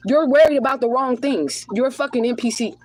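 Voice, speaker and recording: A woman's voice: high voice, fairly quick, darkish tone, slight background noise, rough recording. A woman doing a live spiritual card reading who speaks bluntly and with heavy profanity. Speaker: spiritual reader. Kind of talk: live tarot reading and rant.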